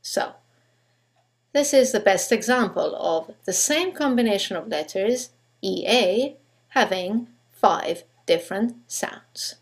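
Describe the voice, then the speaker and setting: In a mid-range, animated voice, a woman teaches English pronunciation from a script. She is an English teacher who goes slowly and deliberately, putting careful stress on each example word.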